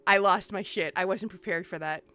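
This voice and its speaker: A woman hosting a live-stream interview, excitable and gushing, swearing freely. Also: fairly low pitch, a little fast. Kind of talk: casual live-stream chat.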